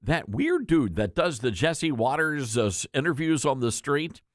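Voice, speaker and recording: A man's voice: mid-range voice, big pitch swings, a little slow, no echo, studio quality. A man hosting a radio talk show, chatting in a rambling way with frequent fillers.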